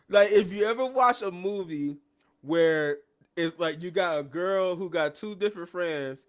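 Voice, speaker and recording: Guy hosting a live stream, slightly high voice, retells stuff all animated. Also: a little slow, clean tone. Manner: animated retelling, acting out quotes. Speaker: live show host. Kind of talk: casual wrestling recap.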